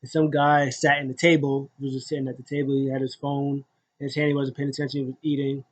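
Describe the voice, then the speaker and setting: A man's voice: mid-range voice, little pitch movement, quick pace, poor audio. A man casually recapping a wrestling show, rambling with many fillers and restarts and acting out what people said.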